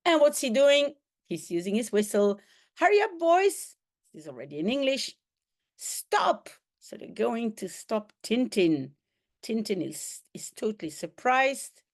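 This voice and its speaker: A woman teaching a French lesson by reading a comic aloud, translating as she goes, with sound effects and acted lines. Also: mid-range voice. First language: Dutch. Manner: slow, animated reading with sound effects and quoted voices. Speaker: language teacher.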